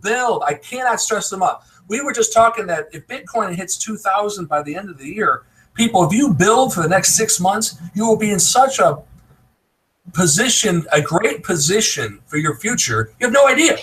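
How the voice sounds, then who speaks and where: A man's voice: sits high, expressive, moderate pace, fairly bright tone, low-quality recording. An American man in a live video call, giving emphatic, laughing advice in casual chat. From United States. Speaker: online business promoter.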